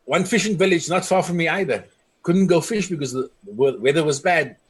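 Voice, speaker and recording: A man's voice: on the high side, fairly quick, breathy edge. A middle-aged man from South Africa, a community leader giving an impassioned speech, telling stories earnestly and quoting the people he met. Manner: earnest storytelling, quoting others.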